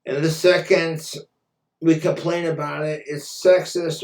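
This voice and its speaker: A man's voice: fairly high pitch, fairly even intonation, unhurried, darkish tone. Crude ranting man in an echoey room. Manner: crude, blunt, swearing, ranting. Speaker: vlogger. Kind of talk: profane casual rant. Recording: roomy echo, far from mic.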